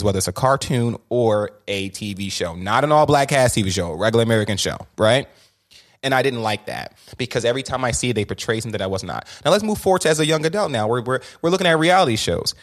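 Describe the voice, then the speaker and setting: A man speaks as a guest in a casual podcast conversation, fast and animated. His voice sits at an ordinary middle pitch. He is opinionated and often trips back into his own phrases.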